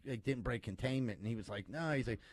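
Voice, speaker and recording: A man tells a long, rambling, profane anecdote and slips into the voices of the people in it. His speech is steady in pitch, and the recording is dry and close, with no room sound behind him. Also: fast talker, no room sound. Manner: swearing, rambling, acts out voices in his story. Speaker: comedian. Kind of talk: casual podcast storytelling.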